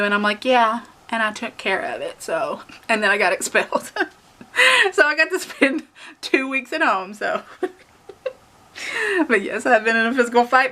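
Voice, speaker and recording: Talking to camera in a relaxed, rambling way, this young Southern woman fills her beauty vlog with fillers and laughs. She has a fairly high, sharp-toned voice.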